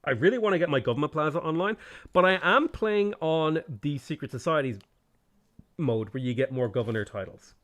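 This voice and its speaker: A man's voice: fairly high pitch, expressive, brisk, fairly bright tone. Guy live-streaming a strategy game, mutters the same question over and over, lots of ups and downs in his voice. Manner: thinks aloud, mutters repeated questions, laughs often; thanks viewers by name between moves. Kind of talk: casual live-stream commentary.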